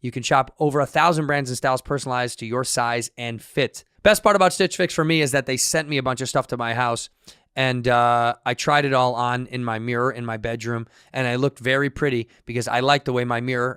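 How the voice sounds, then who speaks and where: A goofy man co-hosts a casual podcast and rambles playfully through an ad read. His voice is smooth and clear, recorded dry and close to the mic. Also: mid-range voice, fairly even intonation, fairly quick, a bit bright, no echo. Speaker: podcast co-host.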